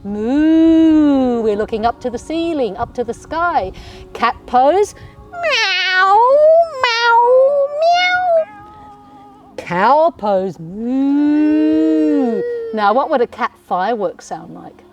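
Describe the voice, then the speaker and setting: A woman's voice: a little high, expressive, moderate pace, dull audio, loud music behind the voice. An Australian woman leading a children's yoga class in an encouraging, sing-song way, with playful animal sounds. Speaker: kids yoga teacher.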